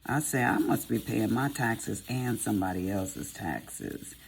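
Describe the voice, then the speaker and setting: Working on a diamond painting, a middle-aged woman vlogs about her craft in a casual, meandering, down-home style with a Southern American accent. Her pitch sits extremely low, yet she sounds animated, speaking at a measured pace in a gravelly voice with slight hiss or hum.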